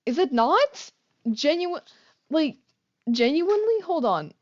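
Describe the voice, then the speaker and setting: Slow, rambling woman streamer, not a native speaker. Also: fairly high pitch, sing-song, dull audio. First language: not English. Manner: rambling, self-mocking, swears casually. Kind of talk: casual game-stream chat.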